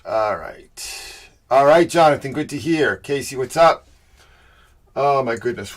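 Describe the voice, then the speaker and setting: A middle-aged man with a Boston accent hosts a casual livestream. He warmly and loosely greets viewers by name, with an upbeat, chatty delivery. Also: mid-range voice, animated, a little slow, long pauses. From Boston area. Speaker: livestream host.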